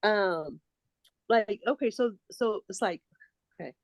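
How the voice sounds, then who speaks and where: A woman's voice: mid-range voice, lively intonation, slow pace, no room sound. A woman hosting a group video call, coaching the others and animatedly acting out the voice of resistance.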